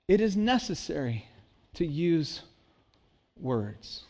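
A man's voice: high-pitched, animated, moderate pace. A man preaching a sermon in an earnest, conversational way, acting out little asides. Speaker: pastor.

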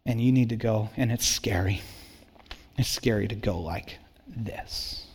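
A middle-aged man preaching a sermon, telling a personal story with animated swings between excitement and hushed intensity. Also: lowish voice, measured pace, slightly rough. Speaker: pastor.

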